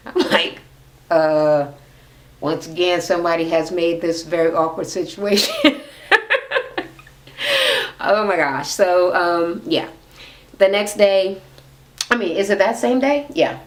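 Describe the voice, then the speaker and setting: A woman's voice: on the low side, slow pace, long pauses. A woman casually chatting through a reality TV recap in a gossipy, profane manner.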